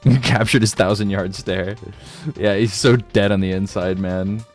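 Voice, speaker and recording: A man's voice: fairly low pitch, steady tone, moderate pace, soft background music. A man streaming a game and chatting casually, laid-back and slangy, joking at his own expense and laughing often.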